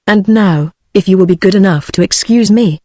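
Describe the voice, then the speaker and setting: Suave male gentleman thief voiced by a British English TTS woman, even read, dry. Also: mid-range voice, normal speed, no room sound, natural voice.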